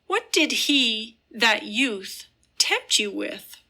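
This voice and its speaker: A woman's voice: on the high side, big pitch swings, extremely slow, creaky, pushed and bright, full character voice. A woman reading the part of a tormented young man, speaking earnestly and with passion. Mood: pained. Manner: earnest, impassioned declaring.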